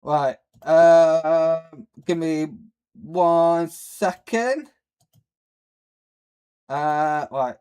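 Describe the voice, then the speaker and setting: Slow-talking British man streaming live. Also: on the high side, a little mellow, smooth. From Britain. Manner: rambling, answers chat, swears casually, many fillers. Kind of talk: casual live stream chat.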